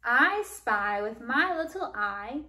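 A woman reading a picture book aloud to young children, animated and coaxing as she asks them questions. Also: fairly high pitch, slow pace. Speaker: storytime reader. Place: library room. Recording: echoey room.

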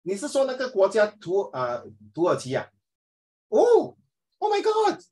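A man leading a classroom discussion, playful and lively, mixing English with Mandarin. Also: high-pitched, normal speed, rough recording. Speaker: teacher.

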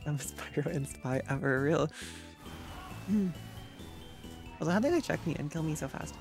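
A casual gaming streamer who chats with viewers while playing. The voice sits at a middling pitch with a steady gravelly fry, and the delivery stays sarcastic and easily exasperated. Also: moderate pace, over music. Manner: chatty, sarcastic, reacting to gameplay and chat.

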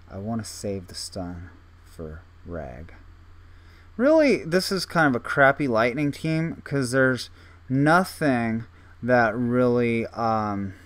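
Commenting casually on his gameplay, a young male host has a somewhat bright voice on the low side. His musings are self-mocking and riddled with restarts.

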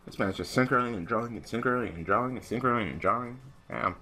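A young man giving casual gameplay commentary, swearing and ranting in exasperation, swinging between mumbled asides and loud outbursts. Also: mid-range voice, a little fast, soft background music. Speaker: gaming channel host.

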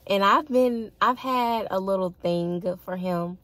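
A woman's voice: mid-range voice, a little slow, fairly bright tone, dry recording. A young woman telling a dating story to her viewers in a casual, chatty way, often laughing and calling them y'all. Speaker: vlogger.

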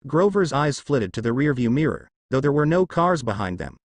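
A man reading fan fiction aloud in an expressive way. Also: medium pitch, moderate pace, dry recording. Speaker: narrator.

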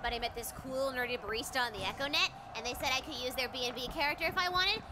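A squeaky, very high-voiced woman playing a playful young narrator for a video game, gushing in slangy asides. The game audio carries a clear hiss of noise behind her. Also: rapid-fire, close to an everyday voice. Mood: chatty. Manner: bubbly and chatty, slangy asides.

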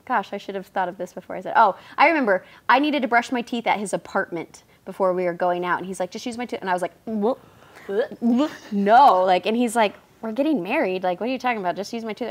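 A woman's voice: medium pitch, a little fast. A woman co-hosting a talk show, chatting candidly and poking fun at herself. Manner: candid and self-deprecating. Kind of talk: casual chat.

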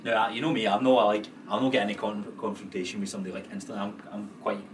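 A Scottish man co-hosts a podcast in casual conversation, swearing freely and laughing as he talks at a racing pace. His voice is on the low side with a flat delivery, captured by a distant mic with clear background noise.

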